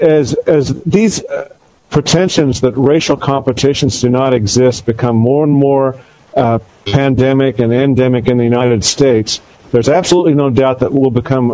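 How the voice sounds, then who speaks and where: Brief: male co-host, halting delivery full of fillers, warm mellow tone. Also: medium pitch, low-quality recording. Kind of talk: talk-radio commentary.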